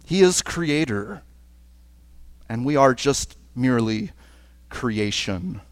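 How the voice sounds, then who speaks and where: A man preaching a sermon as pastor at a church service, earnest and slowing down on key phrases. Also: medium pitch, expressive, no echo. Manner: earnest, with slowed emphatic phrases. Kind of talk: liturgical sermon.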